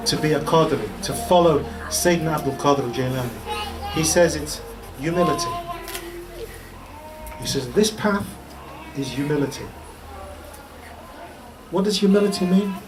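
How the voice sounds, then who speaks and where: A man giving an informal religious teaching talk in a lecture room, chatty and humorous, telling stories and repeating a chant. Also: a little high. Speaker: Islamic teacher. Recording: distant mic with faint background noise.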